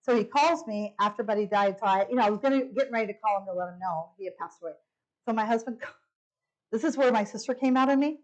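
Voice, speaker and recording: Middle-aged lady sharing a story at a church retreat, highish voice, gets super animated doing everyone's lines. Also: quick pace, muffled recording. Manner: animated, acts out quoted lines with big pitch jumps. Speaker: women's retreat speaker. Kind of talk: personal testimony storytelling.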